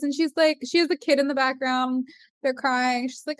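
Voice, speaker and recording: A young adult woman hosting a podcast, telling a story in casual chat and acting out the quoted voices with big leaps in pitch. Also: fairly even intonation, normal speed, no echo, studio quality. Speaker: podcast host.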